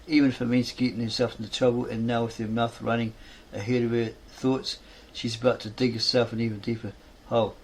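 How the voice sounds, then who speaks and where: A cool, composed young actress speaks in measured, soothing tones in a read-aloud story, as a man puts her on. Her pitch barely moves, and a faint hiss lies underneath. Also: level tone, natural voice. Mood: amused.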